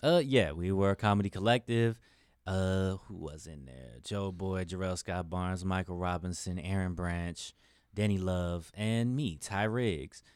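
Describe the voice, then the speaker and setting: A man who does stand-up comedy, talking as a guest in a relaxed, soft-spoken way and swearing casually. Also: low voice, a little slow, smooth, no room sound, studio quality. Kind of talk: casual interview chat.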